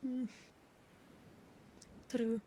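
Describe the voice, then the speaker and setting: A woman voicing an awkward, earnest young woman adventurer in a tabletop role-play, speaking haltingly. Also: warm tone, slight background noise. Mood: playful.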